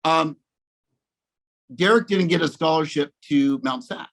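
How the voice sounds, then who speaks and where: A man telling a casual story as a guest speaker on a video call, animated and repeating "okay?" as he goes. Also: a little high, measured pace, vocal fry, low-quality recording. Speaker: guest speaker in a sales coaching session.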